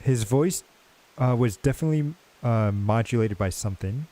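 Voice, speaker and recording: A man's voice: medium pitch, normal speed, mellow. A man streaming a game, casually reading the story text aloud with asides. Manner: casual, with filler asides and restarts.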